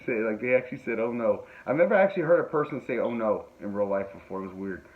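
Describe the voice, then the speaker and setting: Animated and quick, a podcast host with a voice on the low side tells a rambling comedic story. Frequent laughter and jokes at his own expense run throughout. The audio is tinny and phone-like, with faint background noise.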